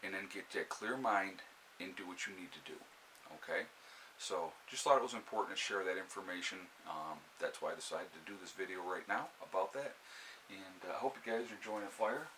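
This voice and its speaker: A man with a New York accent, hosting a casual live stream and giving steady, calm advice with plenty of fillers and restarts. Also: sits low, fairly quick, slight background noise, low-quality recording. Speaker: prepper channel host. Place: indoors by a fire, with a cat nearby.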